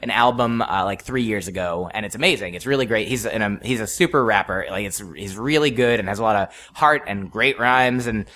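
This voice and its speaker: A man's voice: fairly low pitch, a little fast, hardly any pauses, sharp tone. A man from New Jersey, a comedian in his thirties, talking in a casual podcast chat, rambling and self-correcting with a wry edge. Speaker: comedian guest.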